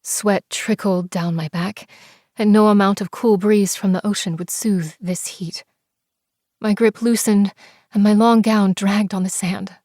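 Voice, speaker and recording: A woman narrating a first-person romance audiobook, expressive and sometimes dropping to soft whispers. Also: mid-range voice, measured pace, no room sound, studio quality. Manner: expressive, breathless in tense scenes, shifts into soft whispers.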